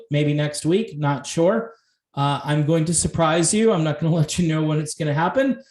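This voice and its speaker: Male host, fairly high voice, chatty and animated, roomy echoey sound. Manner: chatty and animated, laughing often, with frequent rhetorical asides. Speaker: host of a music commentary channel. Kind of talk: casual video commentary.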